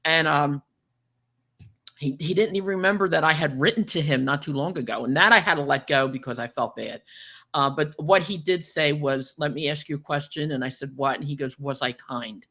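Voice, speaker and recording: An older woman hosting a podcast, telling chatty, animated stories and laughing often. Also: deep voice, a little fast. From New Jersey. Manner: animated, chatty storyteller who laughs a lot. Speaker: podcast host. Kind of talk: casual chat.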